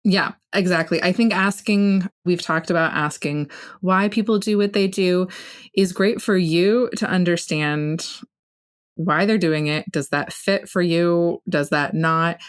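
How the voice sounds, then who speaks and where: A woman's voice: on the low side, a little slow, smooth. A woman financial coach as a guest, speaking in a thoughtful, affirming way. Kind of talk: casual interview chat.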